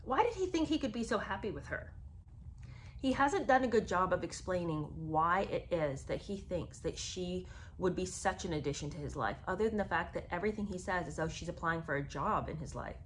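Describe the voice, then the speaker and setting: A woman's voice: on the low side, lively intonation, brisk, a little hiss or hum. A woman giving sarcastic, exasperated commentary on a memoir, talking in a chatty way to her viewers. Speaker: book commentary host.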